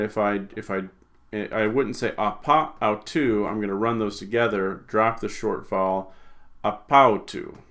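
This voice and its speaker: Guy teaching greek, kinda low voice, casual, says uh a lot and restarts his sentences. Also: a bit bright. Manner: informal, hesitant, many fillers and restarts. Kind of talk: recorded language lesson.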